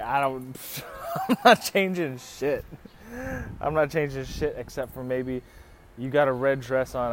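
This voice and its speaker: Podcast host, male, casual storyteller: crude, swearing, joking, faint background noise. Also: mid-range voice. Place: living in the Philippines.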